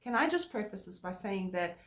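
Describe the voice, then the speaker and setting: A woman co-hosting a relationship talk, explaining calmly and earnestly with filler words. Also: medium pitch, a little fast. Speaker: co-host. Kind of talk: casual chat. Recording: roomy echo.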